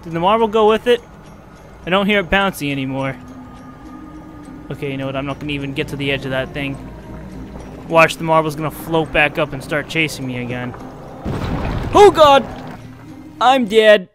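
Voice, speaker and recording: A man commentating his playthrough of a game, excitable, swinging from muttering to yelling. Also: on the high side, a little fast, long pauses. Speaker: gaming video host. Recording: music from the game behind the voice.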